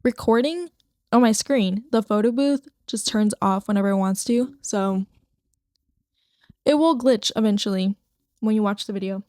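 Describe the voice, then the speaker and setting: Recording at home to her computer screen, a young podcast host chats casually on her own show, rambling and swearing now and then. Her mid-range voice has a darkish tone at normal speed, with clean studio sound and no room ambience.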